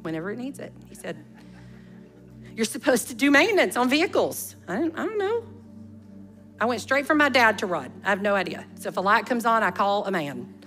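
A woman's voice: on the high side, big pitch swings, brisk, a bit bright, soft background music. A woman, preaching a conversational sermon full of rhetorical questions. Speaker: pastor.

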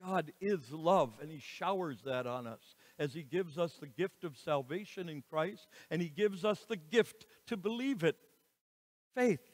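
A man preaching a sermon as pastor, slow and emphatic, with dramatic rises and falls in his voice. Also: on the high side, expressive. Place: church sanctuary. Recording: reverberant church hall.

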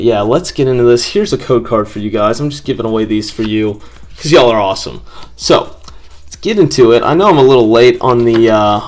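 Excited man opening trading cards. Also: mid-range voice. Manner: excited, upbeat, addresses viewers. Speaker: card-opening video host. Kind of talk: casual chat to viewers.

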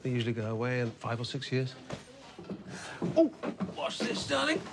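An actor playing a warty stage player chatting casually off stage. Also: male voice, medium pitch, huge pitch swings, normal speed, gravelly, noisy background. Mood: chatty.

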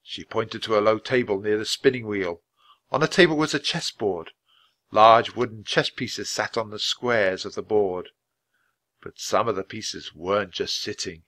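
A man reading a children's chapter book aloud at a natural, clear pace. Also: fairly low pitch, measured pace, a bit bright. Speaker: storybook reader.

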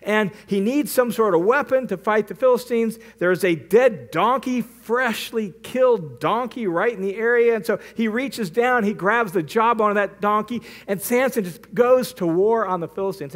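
A man teaching as a Bible teacher, retelling a story in a lively, conversational way with frequent asides. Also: high voice, normal speed, few pauses. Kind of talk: casual storytelling lesson.

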